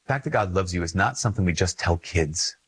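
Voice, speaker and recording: A man's voice: sits low, lively intonation, quick pace, slightly rough, rough recording. A man with a Minnesota accent, a Catholic priest giving an earnest, conversational talk on faith, repeating phrases for emphasis. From Minnesota, USA. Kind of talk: casual spoken teaching on faith.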